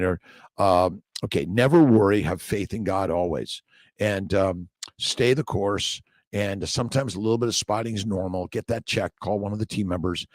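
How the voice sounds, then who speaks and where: Low-voiced man chatting through a livestream. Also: no room sound, clean studio sound. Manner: loose, repetitive, preachy, swears casually. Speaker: doctor hosting a morning livestream. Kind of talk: casual livestream chat, reading viewer comments.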